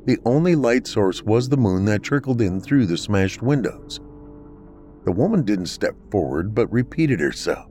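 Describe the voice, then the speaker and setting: A man hosting a podcast, narrating a horror story in a measured, dramatic way. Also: fairly low pitch, lively intonation, a little mellow, faint music behind.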